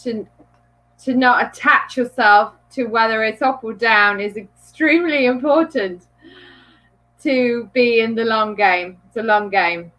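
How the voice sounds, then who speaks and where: A woman's voice: fairly high pitch, a little slow, a bit bright, poor audio. An Irish woman from near Dublin, a bubbly guest chatting live on a video call. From Ireland. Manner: bubbly, laughs easily. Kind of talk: live online chat.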